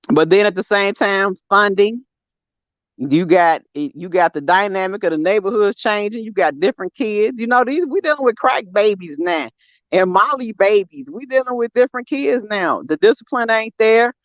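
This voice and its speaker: A woman's voice: medium pitch, expressive, normal speed, no room sound. A woman, co-hosting a casual podcast chat, talking bluntly and emphatically with plenty of slang. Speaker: podcast co-host. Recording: dry, slightly dull sound.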